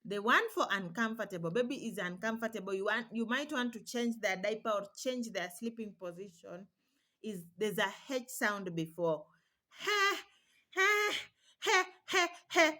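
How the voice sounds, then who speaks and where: A woman's voice: medium pitch, moderate pace, fairly bright tone. A young woman vlogging casual advice to mothers, chatty and reassuring, now and then imitating baby cries. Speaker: parenting vlogger.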